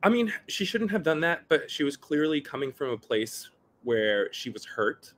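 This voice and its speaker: A man's voice: fairly high pitch, big pitch swings, normal speed, fairly bright tone, a little hiss or hum. A man chatting casually as a podcast guest, talking with animation and mimicking the people he describes. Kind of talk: casual chat. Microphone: video call.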